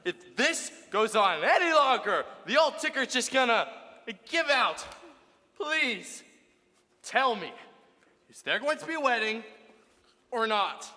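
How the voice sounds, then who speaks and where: A fretful, blustering older producer who frets about his weak heart, as a young man plays him on a school stage. His voice is high and bright and echoes through the auditorium. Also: big pitch swings, takes it slowly, long pauses, heavily acted. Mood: anxious. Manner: blustering, exasperated. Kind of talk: school stage musical acting.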